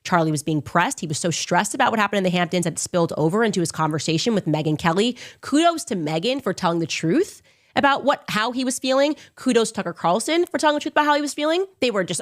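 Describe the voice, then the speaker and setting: A woman's voice: animated, fast. A woman hosting her own commentary show, talking in a combative, sarcastic way and mocking others in a raised voice. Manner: sarcastic, mocking impressions in a high voice; combative, emphatic. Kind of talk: opinionated commentary monologue.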